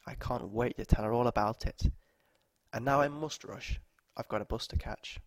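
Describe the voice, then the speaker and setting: A man voicing an eccentric grown woman who rides the bus, speaking in a clear, strong, chatty way. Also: mid-range voice, normal speed, no echo, natural voice. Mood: cheery.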